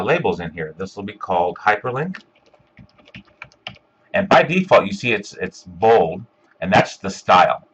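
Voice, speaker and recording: Deep husky guy doing a screen recording tutorial, lots of uhs, kinda dull lo-fi sound. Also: a bit bright. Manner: step-by-step, filler-heavy with frequent ums and uhs. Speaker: instructor.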